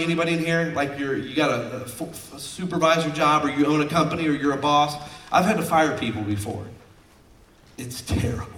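A man preaching as a pastor, jokey and exhorting, with sudden loud outbursts, heard from off the microphone in a church hall. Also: a little high, far from the mic. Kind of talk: sermon. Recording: roomy sound from off-mic.

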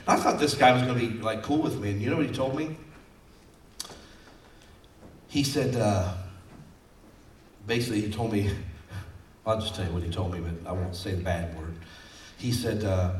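A man's voice: on the low side, fairly quick, pauses often, recorded from a distance, a little hiss or hum. A man preaching a folksy, conversational sermon in a church, mixing scripture with personal stories. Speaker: pastor. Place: church sanctuary. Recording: roomy sound from off mic.

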